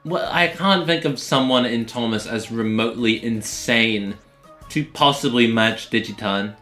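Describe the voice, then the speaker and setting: A man's voice: mid-range voice, measured pace, fairly bright tone, faint music behind. A man streaming a game, giving casual commentary with self-deprecating, laughing asides.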